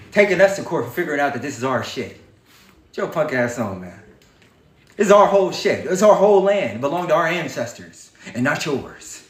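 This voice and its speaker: Brief: man with a high, fiery voice, preachy livestream monologue, heavy swearing, echoey room. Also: sing-song, fairly quick. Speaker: livestream host.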